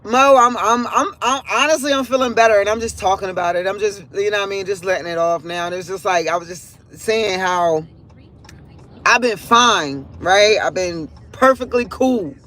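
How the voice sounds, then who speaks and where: A woman's voice: mid-range voice, moderate pace, fairly bright tone. A woman hosting a livestream, talking in a candid, rambling and profane way about her feelings. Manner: profane, rambling, emotionally open. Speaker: livestream host. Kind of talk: casual candid monologue.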